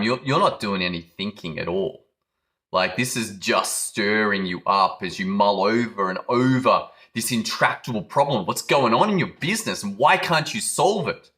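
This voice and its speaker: A man's voice: fairly low pitch, bright, forceful tone. A man giving a motivational business talk, telling a dramatic story and acting out quoted lines. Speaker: business coach.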